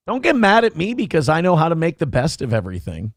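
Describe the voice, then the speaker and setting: A man's voice: fairly high pitch, fast talker, creaky, no echo, clean studio sound, faint music behind. A man hosting a casual livestream show, telling a story with a lot of swearing and acting out the other people in it. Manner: animated storytelling, swears, acts out voices. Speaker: show host.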